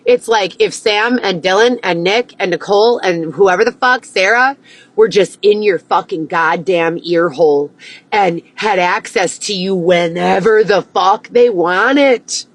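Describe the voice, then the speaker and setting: A woman's voice: mid-range voice, unhurried, no echo, poor audio. A young woman ranting to camera, agitated and heavy with profanity, repeating herself as she vents. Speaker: vlogger.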